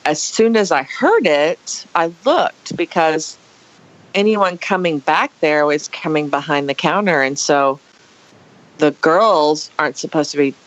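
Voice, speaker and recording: A woman guest on a podcast, telling a story casually with dramatic, animated flair and acted-out quotes. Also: deep voice, a little slow, no echo. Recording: dull lo-fi podcast audio.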